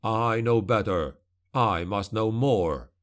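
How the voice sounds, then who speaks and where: A man voicing a cold, commanding male witch hunter who speaks slowly and with measured authority. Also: lowish voice. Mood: stern.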